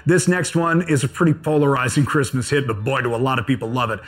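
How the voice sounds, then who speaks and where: A man's voice: medium pitch, steady tone, quick pace. A man hosting a show, reading a scripted intro in an upbeat announcer manner. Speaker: podcast host.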